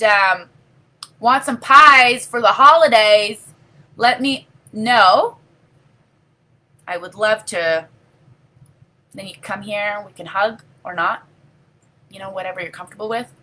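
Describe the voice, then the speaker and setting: A middle-aged woman talks straight to her livestream audience, earnest and heartfelt. She rambles and keeps saying "you know" as she answers comments. Her voice is bright and forward, at an ordinary middle pitch. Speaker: livestream host. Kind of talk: casual live video chat, reading viewer comments.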